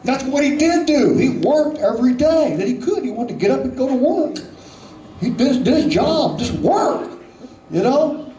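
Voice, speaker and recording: High-voiced man giving a eulogy. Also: big pitch swings, moderate pace, warm tone, reverberant, low-quality recording. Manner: rambling, plainspoken storytelling with folksy asides. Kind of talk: spoken eulogy.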